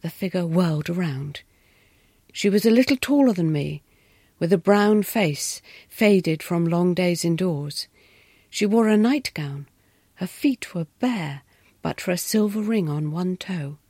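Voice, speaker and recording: A woman with a fairly low voice reads a story with expressive narration, sometimes sinking to a hushed whisper. The sound is dry and close, with no room around it. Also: measured pace, breathy edge, dry recording.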